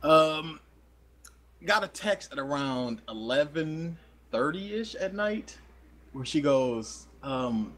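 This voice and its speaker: A man's voice: on the high side, expressive, slow, a bit bright. A young man co-hosting a podcast, telling a rambling, self-deprecating story in casual chat. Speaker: podcast co-host.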